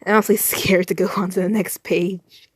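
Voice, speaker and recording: A woman's voice: mid-range voice, little pitch movement, moderate pace, slightly rough, dry recording, studio quality. A woman reacting to fanfiction she reads aloud, exasperated, sighing and swearing. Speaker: fanfiction reader.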